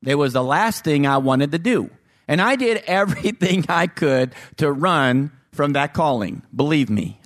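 Male pastor, sermon delivery, emphatic with big swings, slightly high voice, dry close recording. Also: dry recording. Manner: emphatic, rising and falling preaching delivery.

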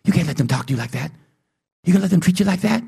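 A preacher putting on a sly, taunting devil. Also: male voice, high voice, lively intonation, racing, gravelly, mellow, husky, full character voice. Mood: goading. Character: sly taunting male devil stalking a victim.

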